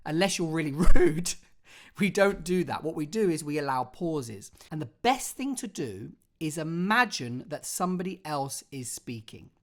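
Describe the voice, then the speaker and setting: A drama teacher leads an online acting lesson. The delivery is theatrical and expressive, and the instructions are laid out clearly, step by step. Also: mid-range voice, normal speed.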